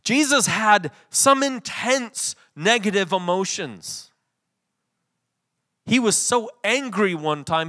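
A man preaching a sermon, swinging from loud emphatic passages to soft, quiet readings. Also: high voice, takes it slowly. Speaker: pastor.

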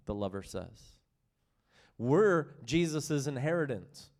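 A man preaching a sermon with passion, swinging between loud excitement and hushed, tender reading. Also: a little high, unhurried.

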